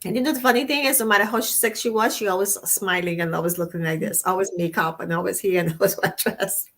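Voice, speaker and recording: A woman's voice: medium pitch, quick pace, a bit bright. A woman co-hosting a casual talk show, speaking effusively and rambling, with frequent restarts and rephrasings. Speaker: co-host.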